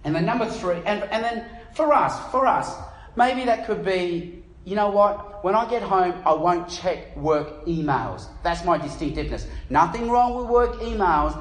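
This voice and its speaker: A middle-aged Australian man preaching a sermon, telling stories with lively acted-out voices. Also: high-pitched. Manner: animated storytelling, acts out voices in anecdotes. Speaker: pastor. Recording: echoey room.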